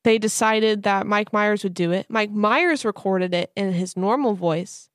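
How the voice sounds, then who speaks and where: A woman's voice: medium pitch, unhurried, no room sound, studio quality. A woman hosting a casual trivia game on a podcast, reading out multiple-choice answers and chatting playfully between questions. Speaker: quiz host.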